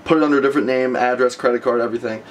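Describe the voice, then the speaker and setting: A man's voice: medium pitch, fairly even intonation, rapid-fire, a little hiss or hum. A young man vlogging casually from a messy bedroom, rambling and stammering with lots of restarts. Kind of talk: casual vlog to camera. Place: messy bedroom being packed up.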